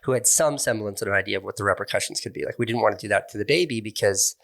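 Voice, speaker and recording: A man's voice: fairly low pitch, rapid-fire, gravelly, a bit bright. A middle-aged man speaking as an interview guest, candid and thoughtful, often restarting his words as he reflects. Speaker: interview guest, online video creator.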